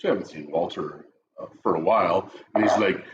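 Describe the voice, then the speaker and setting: On a casual coffee chat for a real estate show, a middle-aged male co-host jokes and tells lively stories in a low voice, talking a little fast. The stream audio is dull and lo-fi, with a bit of hiss or hum.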